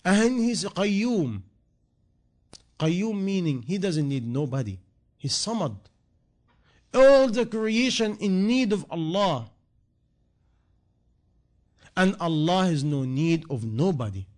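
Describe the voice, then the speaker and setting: A man's voice: high-pitched, big pitch swings, takes it slowly, long pauses, a little mellow. Earnest preaching man. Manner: earnest, repetitive rhetorical questions, non-native grammar. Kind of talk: sermon.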